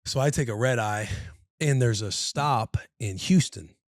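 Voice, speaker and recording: A man in his thirties tells a long story on a podcast with animated, slangy energy. His voice sits mid-range and sounds close and dry, with no room around it. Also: mid-range voice, measured pace, no room sound. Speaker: podcast co-host. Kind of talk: casual chat.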